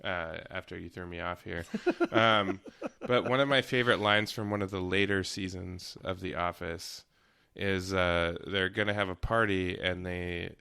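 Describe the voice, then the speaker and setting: A man hosting a podcast, talking casually in a hesitant, halting way with many ums and uhs. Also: deep voice, steady tone, creaky, bright, forceful tone, clean tone. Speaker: podcast host. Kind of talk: casual chat.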